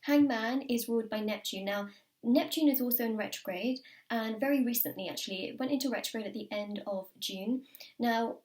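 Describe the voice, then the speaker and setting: A woman's voice: a little high, fairly quick, a little mellow. A British woman talks through a tarot reading in an eager, emphatic way. She stacks up repeated words and gasps out little exclamations as the cards turn over. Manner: enthusiastic, repeats words for emphasis, drops to whispers. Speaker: tarot reader.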